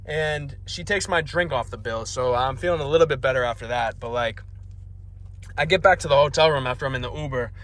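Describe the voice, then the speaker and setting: A man's voice: mid-range voice, brisk, a bit bright. A young man vlogging, telling a comedic story in an exasperated, profane, self-mocking rant.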